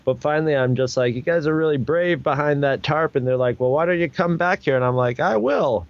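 Talking fast in a slightly high voice, a man tells a long, casual story as a guest, restarting often, using lots of fillers, and raising his voice to act out other people's lines. The recording is muffled but has no echo.

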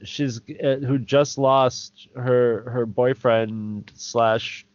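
A man's voice: medium pitch, steady tone, no room sound. A man co-hosting a podcast, chatting casually and stopping and restarting his sentences. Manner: halting, restarts a lot. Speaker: podcast co-host. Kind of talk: casual chat. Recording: dry, dull lo-fi audio.

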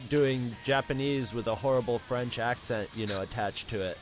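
Man, co-host, casual chat, hesitant and halting, mid-pitched voice. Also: faint music behind. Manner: hesitant, many fillers and restarts. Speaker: podcast co-host.

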